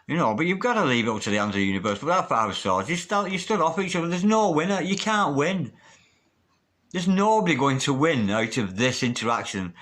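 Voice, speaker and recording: A man talking through a tarot reading at an ordinary pitch. His delivery is chatty and emphatic, and he drops the odd swear word in casually. It sounds like a relaxed, one-person reading spoken straight to the viewer. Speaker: tarot reader.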